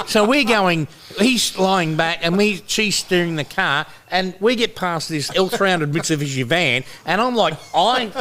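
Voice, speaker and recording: An Australian podcast co-host spins rambling stories in casual chat, swearing a lot and acting out what people said. His voice is a little high with a fairly bright tone.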